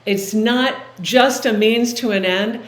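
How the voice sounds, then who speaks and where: A woman speaks as a guest in a casual interview, her voice slightly high and carried by a roomy echo. She talks with warm enthusiasm and laughs easily. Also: takes it slowly. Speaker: video producer and director, interview guest.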